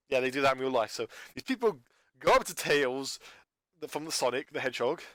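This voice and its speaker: A man with a bright, forceful voice rambles off the cuff. He often trips over his words and restarts sentences, and he rants in exasperation. The sound is close and dry. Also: medium pitch, expressive, normal speed, no room sound. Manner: stumbling, restarting, exasperated ranting. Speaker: YouTuber reviewing a channel. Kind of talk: unscripted rambling monologue.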